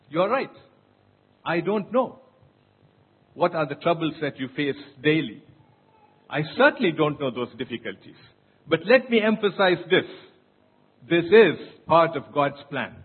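A male pastor delivering a sermon, slowing down and rising in volume on key lines. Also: fairly high pitch, big pitch swings, breathy edge. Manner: deliberate preaching, slows and lifts for emphasis. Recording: tinny phone-like sound.

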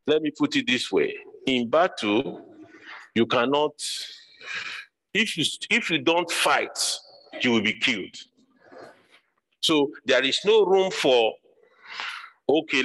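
A man's voice: medium pitch, fairly bright tone, poor audio. A man preaching a sermon, emphatic and repetitive, drawing out his phrases. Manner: emphatic, repeats phrases, slow deliberate delivery.

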